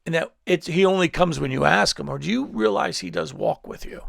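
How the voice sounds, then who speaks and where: Gravelly, animated male pastor. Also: a little high, brisk, no echo, clean studio sound. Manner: rambling storytelling with many restarts. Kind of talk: sermon. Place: church service.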